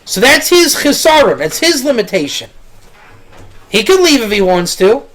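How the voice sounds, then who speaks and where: A man's voice: very high voice, sing-song, moderate pace, fairly bright tone. A man, a rabbi, giving a casual teaching talk, rambling and repeating words, mixing in Hebrew and Yiddish terms. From Israel.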